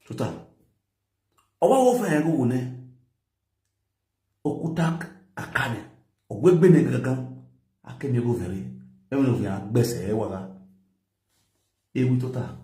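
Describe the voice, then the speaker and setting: A man's voice: mid-range voice, animated, a little slow, pauses often, warm tone, roomy sound. A man with a Nigerian accent, lecturing and scolding in a commentary, mixing pidgin with a local language. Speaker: social media commentator.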